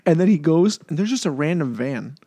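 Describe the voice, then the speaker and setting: A man's voice: on the high side, a little fast, slightly rough, no echo. A man co-hosting a podcast, telling a story in casual chat, laughing often and acting out the people in it. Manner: animated, acts out voices in stories, laughs often. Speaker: podcast co-host. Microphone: podcast microphone.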